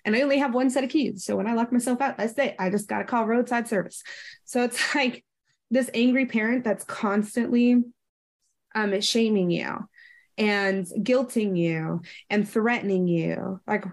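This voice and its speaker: A woman's voice: mid-range voice, normal speed. A woman in her thirties in a casual educational chat, explaining ideas and briefly acting out quoted voices.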